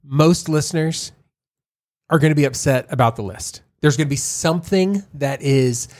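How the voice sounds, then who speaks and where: A man's voice: fairly high pitch, normal speed, darkish tone. A man co-hosting a faith podcast in casual chat, rambling with many fillers and restarts, joking and teasing. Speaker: podcast co-host.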